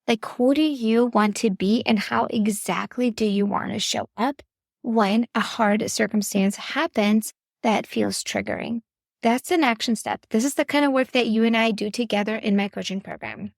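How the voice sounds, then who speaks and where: Brief: woman host coaching parents on faith, fairly high gravelly voice, dry close recording. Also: normal speed, no echo. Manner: earnest, instructive, addresses listener directly. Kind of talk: faith-based coaching talk.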